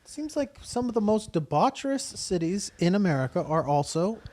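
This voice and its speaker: Laconic podcast co-host, dry close sound. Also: male voice, high voice, very animated, normal speed, darkish tone, dry recording. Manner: short dry interjections. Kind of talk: casual comedic banter.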